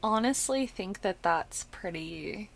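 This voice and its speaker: A woman's voice: mid-range voice, expressive, slow. A young woman co-hosting a casual podcast, reacting with frequent exclamations and swearing. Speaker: podcast co-host.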